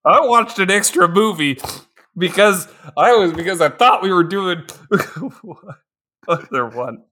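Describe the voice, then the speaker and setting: A man's voice: sits high, expressive, slow pace, pushed and bright. A man co-hosting a comedy podcast who riffs on a movie in a rambling, laughing way. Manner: rambling, laughs often, riffs on absurd jokes. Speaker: podcast co-host. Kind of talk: casual comedic movie recap.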